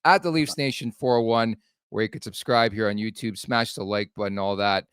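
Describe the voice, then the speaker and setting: A man's voice: on the low side, a little fast, fairly bright tone, smooth, no echo, studio quality. A man co-hosting a casual sports talk show, chatty and laughing along, reading promos between topics. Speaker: podcast co-host.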